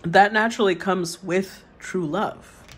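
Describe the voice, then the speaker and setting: Woman tarot reader, relaxed reading voice, mid pitch; reads the cards, then reflects on them. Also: measured pace, husky, poor audio. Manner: reads card meanings aloud, then muses on them.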